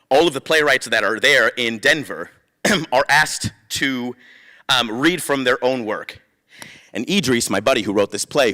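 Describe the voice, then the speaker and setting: A man with a somewhat low voice shifts between reading his own rhyming spoken-word verse and telling lively stories. He acts out the people he quotes as he goes. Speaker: visiting playwright and performer.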